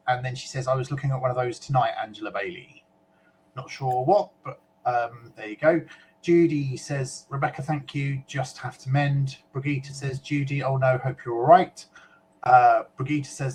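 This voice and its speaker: A man from the UK with a medium-pitched voice co-hosts a casual web chat show, reading out viewer comments chattily with fillers and small asides. The recording is low quality, with slight background noise.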